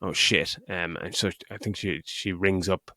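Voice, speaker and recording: A man's voice: deep voice, fairly even intonation, moderate pace, fairly bright tone, no room sound, clean studio sound. A middle-aged man co-hosting a podcast, retelling a film's plot in casual chat, swearing freely and laughing as he goes. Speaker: podcast co-host. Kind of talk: casual film review chat.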